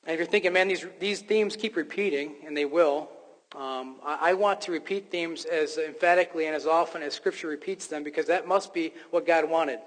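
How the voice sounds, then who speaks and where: An emphatic man preaching, his voice pitched high and full of restarts and fillers as he presses his point. His voice rings out with the long reverb of a large hall. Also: a little fast. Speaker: pastor. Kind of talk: sermon.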